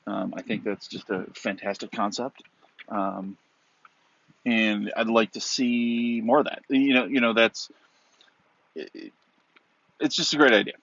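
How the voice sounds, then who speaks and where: A man's voice: fairly low pitch, fairly even intonation, a little slow, gravelly, pauses often, fairly bright tone, dry recording, dull audio. A man, a fellow podcaster, leaving a hesitant voicemail full of ums and restarts. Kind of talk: casual voicemail call-in.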